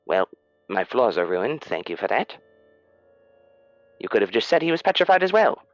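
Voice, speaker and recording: A man voicing a flamboyant, fussy male gnome shopkeeper who floats on a pillow, speaking in a high, swooping, theatrical voice. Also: big pitch swings, normal speed, no room sound, highs cut off, soft background music. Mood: indignant.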